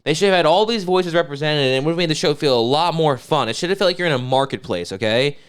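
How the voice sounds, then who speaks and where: A man's voice: on the high side, lively intonation, fast, clear, resonant tone. A man co-hosting a podcast, bantering casually, teasing and arguing, swearing freely. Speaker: podcast co-host.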